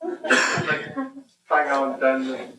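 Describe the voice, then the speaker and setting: A man from Ireland in the audience, slowly and hesitantly explaining something to a comedian. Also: medium pitch, big pitch swings. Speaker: audience member. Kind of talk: answering a comedian from the crowd. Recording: distant, roomy, noisy crowd.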